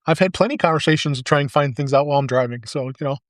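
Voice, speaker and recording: On a live event stage, a male podcast host leads a panel, rambling loosely with plenty of ums and uhs. His voice is slightly high and he talks at a racing clip. The sound is clean studio audio with no room echo.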